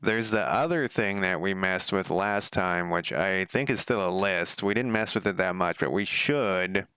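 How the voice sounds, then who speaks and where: A man's voice: low-pitched, unhurried, sharp tone, clean tone, dry recording, studio quality. A middle-aged man giving casual, rambling commentary as he codes a game, talking to himself and laughing at his own slips. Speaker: game developer streaming his coding. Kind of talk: casual live coding commentary.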